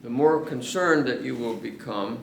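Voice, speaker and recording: Earnest male pastor mid-sermon, drawn-out emphasis; reverberant church sound. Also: medium pitch, creaky, a little hiss or hum. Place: church sanctuary. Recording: echoey church room.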